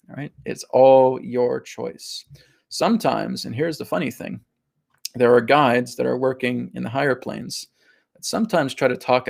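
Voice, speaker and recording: Gravelly-voiced man giving a casual spiritual talk. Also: medium pitch. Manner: casual and animated, often asks "right?", acts out voices. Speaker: host and spiritual teacher. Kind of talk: live-stream spiritual talk and Q&A.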